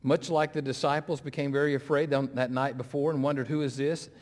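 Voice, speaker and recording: A middle-aged man, an interim pastor, preaching a sermon, swinging between loud, pressing appeals and hushed, slow retellings. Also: medium pitch, level tone. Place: church sanctuary. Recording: long hall reverb.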